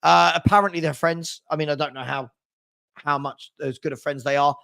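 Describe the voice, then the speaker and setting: A man's voice: a little high, fairly even intonation, normal speed, vocal fry, bright, forceful tone. A man hosting a casual live football stream, reading out viewer comments in a rambling, chatty way with frequent restarts.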